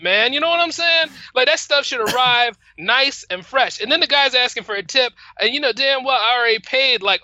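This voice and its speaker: A man's voice: very high-pitched, pushed and bright, no room sound, highs cut off. A man from Delaware on a casual podcast, ranting animatedly with laughs. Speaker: podcast guest.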